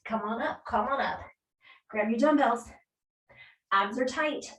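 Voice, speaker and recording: A woman with a fairly high voice coaches a workout class, counting reps and cheering people on while she exercises along, a little breathless. She is heard from some way off the mic, in an echoey room. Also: a little slow, a bit bright, distant mic. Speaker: fitness instructor. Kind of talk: live workout class instruction.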